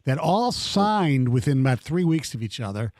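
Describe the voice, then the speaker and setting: A man hosting a sports radio show who asks precise, measured questions. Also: medium pitch, big pitch swings, a little mellow, no echo, studio quality.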